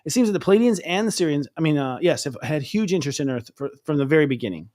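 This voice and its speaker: A man with a fairly high voice talks quickly as he hosts a casual chat. He rambles in an excitable way and trips over his own restarts. He fills the gaps with "you know" and "like". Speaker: astrologer host.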